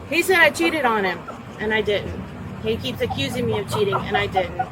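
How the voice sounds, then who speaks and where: Outdoors amid crowd noise, a woman with a medium-pitched, animated voice tells a deputy about a domestic dispute, captured as body camera audio from the officer's camera. She is agitated, repetitive and profane, rushing over interruptions.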